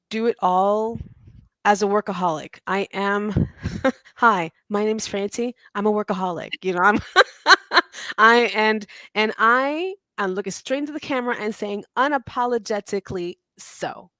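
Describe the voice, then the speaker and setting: A woman in her forties, a teacher and mother, chatting as an interview guest in an animated, self-deprecating way with frequent laughter. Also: mid-range voice, unhurried, no echo. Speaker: podcast guest, teacher and mom. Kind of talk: casual interview chat.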